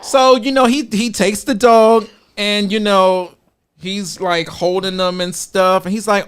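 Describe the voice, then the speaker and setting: A man tells a rambling, funny story on a podcast with a slightly high voice, acting out the people in it and breaking into laughter. His voice stays smooth and clear. The talk is loose and full of fillers. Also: measured pace. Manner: lively storyteller, acts out quoted voices, laughs often, many fillers. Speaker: podcast co-host. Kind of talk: casual storytelling chat.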